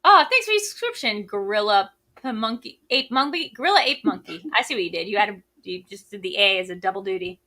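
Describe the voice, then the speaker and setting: A woman co-hosting a casual movie chat, with a bright, forceful voice. She talks excitably, jumps between tangents, and reacts loudly to surprises. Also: mid-range voice, fast talker, hardly any pauses. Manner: excitable, swears, reads live chat aloud. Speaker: co-host.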